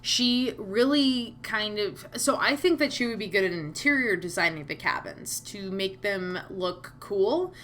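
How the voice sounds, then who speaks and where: A woman playing a visual novel, reading all the characters' lines aloud and breaking off into excitable, gushing asides. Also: medium pitch, unhurried, few pauses, a little hiss or hum. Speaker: let's-play streamer voicing all characters. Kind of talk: reading game dialogue aloud with commentary.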